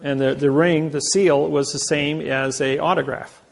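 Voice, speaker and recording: A man with a raised, gravelly voice addresses a live audience. He tells boastful stories, acting out the quotes of others as he goes. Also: on the high side, steady tone, measured pace. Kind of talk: anecdotal lecture to a live audience.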